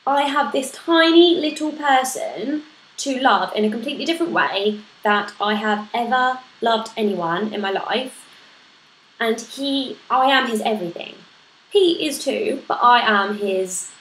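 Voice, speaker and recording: A woman's voice: on the high side, a bit bright. A woman, chatting casually to camera as she answers questions about motherhood, often laughing at herself. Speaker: vlogger answering a parenting tag. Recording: echoey room with faint noise.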